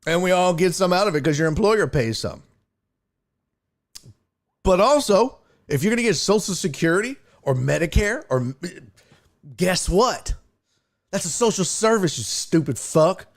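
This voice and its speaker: Profane, ranting man, fairly high voice. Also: lively intonation, a little slow, pauses often. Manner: angry, profane, swings between shouting and muttering. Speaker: sports talk streamer. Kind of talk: profane ranting live stream.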